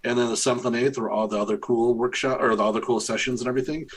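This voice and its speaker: A man co-hosting a podcast in an easygoing, teasing way with quick interjections. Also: mid-range voice, fairly even intonation, husky. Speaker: podcast co-host. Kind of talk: casual podcast chat.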